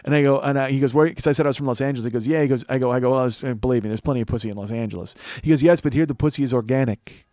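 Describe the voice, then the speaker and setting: A man's voice: mid-range voice, racing, few pauses, dry recording. A man hosting a podcast, telling a long profane story and acting out the people in it. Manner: animated, swearing, acts out quoted people. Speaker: comedian and podcast host.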